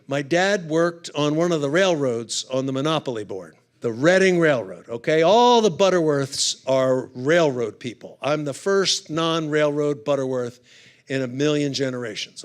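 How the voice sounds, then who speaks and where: A man's voice: on the high side, lively intonation, normal speed, clean tone. A man speaking at a conference, telling humorous stories in a chatty, conversational way with punchy asides. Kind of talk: humorous storytelling talk. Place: conference hall.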